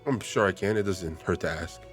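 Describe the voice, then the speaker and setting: A man playing a tabletop game, speaking casually and gently, slipping in and out of character. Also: low voice, brisk, faint music behind. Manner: gentle, casual, in-character speech mixed with chat. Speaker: player.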